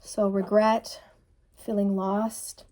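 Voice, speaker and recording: Mellow-voiced woman giving a tarot reading. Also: medium pitch, flat delivery, takes it slowly. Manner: soft, musing, repeats key phrases. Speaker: tarot reader. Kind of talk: channeled tarot reading to camera.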